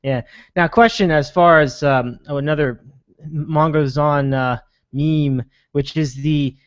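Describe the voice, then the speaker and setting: A man's voice: fairly high pitch, steady tone, slow, clear, resonant tone, dry recording. A man hosting a sports podcast in casual chat, rambling with lots of restarts and fillers. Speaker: podcast host. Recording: dull lo-fi sound.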